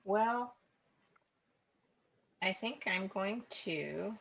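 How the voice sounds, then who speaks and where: A woman's voice: mid-range voice, extremely slow, creaky, a bit bright, husky, dull audio. A woman playing in a tabletop game, chatting casually, thinking aloud and counting squares under her breath. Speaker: player.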